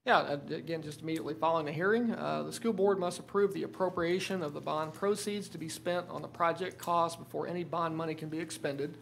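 A man's voice: fairly high pitch, fast, creaky, hardly any pauses, a bit bright, slight background noise. A man, a school superintendent who says he is losing his voice, presenting items at a school board meeting with many filler words and restarts. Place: meeting room.

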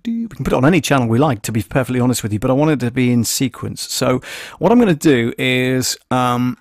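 A male audio producer hosts a casual tutorial stream, narrating each step as he goes. He thinks aloud with frequent fillers and restarts. His voice sits in an ordinary middle pitch and is recorded dry, with almost no room echo. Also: lively intonation, fairly quick.

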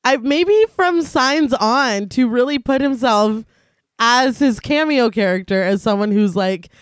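A woman's voice: a little high, animated, a little slow, smooth, dry recording, clean studio sound. A woman co-hosting a podcast, recapping a film plot in a casual way and often breaking into laughter. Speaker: podcast co-host.

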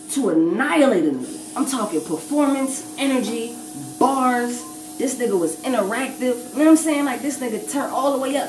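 A woman battle rapper speaking in a blunt, profane, emphatic way during a casual interview. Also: high voice. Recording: echoey room, distant mic, noisy.

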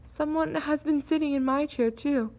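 A woman voicing a mother bear in a storybook reading, raising her voice high and soft. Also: expressive, measured pace, creaky, exaggerated voice. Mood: upset.

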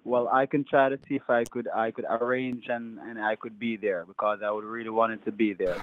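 A man's voice: on the low side, little pitch movement, a little fast, dry recording, phone-quality sound. A man on a call who keeps repeating endearments and exclamations. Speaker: scammer on a call.

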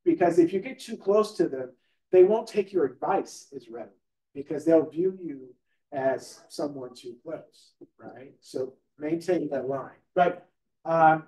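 A man's voice: high-pitched, darkish tone. A man teaching a live training class in a conversational way, often asking the room questions and checking in with "right?". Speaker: real estate trainer. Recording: echoey room recorded from a distance.

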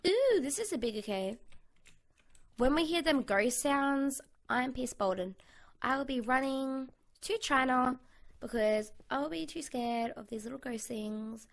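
A woman's voice: sits high, expressive, measured pace, vocal fry. A young Australian woman chatting casually in her bedroom as she plays through a survival game, bubbly and thinking aloud. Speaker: gaming channel host. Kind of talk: casual gameplay commentary. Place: home bedroom. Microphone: USB condenser mic.

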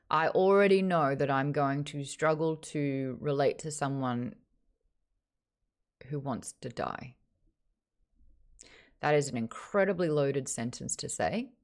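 A woman hosting a casual live-streamed book chat, playful and teasing, with a bit of swearing. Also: deep voice. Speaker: host.

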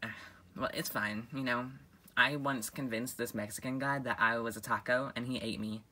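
Someone doing an oddball dim weirdo, deadpan and rambling, bright breathy voice. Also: medium pitch, normal speed. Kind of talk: homemade comedy skit acting.

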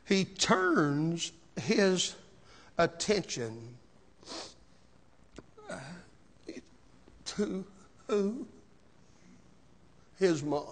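Slow, high-voiced preaching man. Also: very animated. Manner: slow, emotional preaching with rising shouts and repeated words. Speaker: pastor. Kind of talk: sermon. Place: church sanctuary.

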